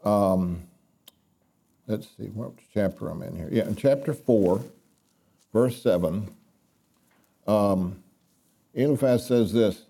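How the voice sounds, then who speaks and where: A man's voice: fairly low pitch, slow pace, creaky, pauses often, dark tone, husky. A man teaching the Bible to a room of listeners, reading scripture aloud and explaining it plainly, with frequent ums and restarts.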